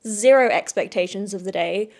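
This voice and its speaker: A woman's voice: mid-range voice, normal speed, creaky, darkish tone. A young woman, hosting a casual solo podcast in a chatty, effusive way, repeating words for emphasis. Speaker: podcast host.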